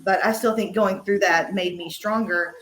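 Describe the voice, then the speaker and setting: A woman's voice: mid-range voice, fairly even intonation, moderate pace, fairly bright tone. Candid woman with faint background noise. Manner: candid, conversational. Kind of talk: casual panel chat.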